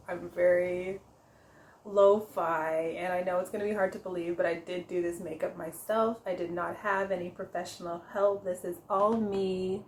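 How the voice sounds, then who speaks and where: A woman leads a relaxed tarot reading in an unhurried voice, laughing easily and correcting herself as she goes. She talks at a slow pace in a mid-range tone. A faint hiss sits under the recording. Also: medium pitch, reverberant, low-quality recording. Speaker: tarot reader. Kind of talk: casual tarot reading vlog.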